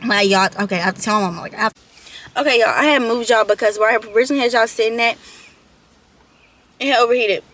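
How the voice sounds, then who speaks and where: In a chatty storytime vlog, a young woman in her late teens tells her viewers a personal story, often calling them y'all and repeating herself. Her voice is a little high and a bit bright, fast, with frequent pauses.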